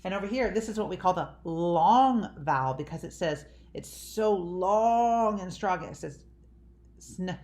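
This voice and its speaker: A woman teaching young children a phonics lesson in an animated, drawn-out sing-song teacher voice. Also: lowish voice. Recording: echoey room.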